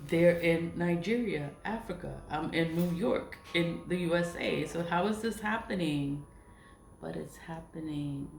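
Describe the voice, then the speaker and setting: A woman talks in a loose, rambling monologue with a voice set slightly low. She circles back to the same phrases, leans hard on her words and swears, often trailing off into soft laughs. The room echoes around her, with a faint hiss underneath. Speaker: spiritual vlogger. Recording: roomy echo.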